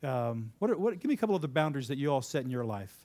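A man's voice: mid-range voice, big pitch swings, racing, a little mellow. A man giving a conversational, sermon-style talk, asking the audience questions and repeating their answers, with sudden emphatic lifts. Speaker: speaker addressing a live audience.

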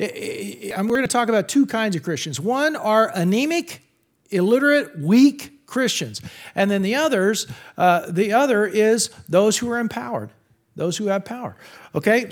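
A high-pitched middle-aged man preaches to college students with animated, joking energy. He often acts out whiners and grumblers in mock voices, then drops back to his own. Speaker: campus pastor.

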